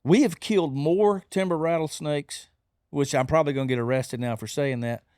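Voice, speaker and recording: A man's voice: a little high, moderate pace, a little mellow, no room sound, clean studio sound. A man chatting easily as a podcast guest, with a father of daughters telling stories. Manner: easygoing, agreeable interjections. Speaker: guest songwriter. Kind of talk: casual chat.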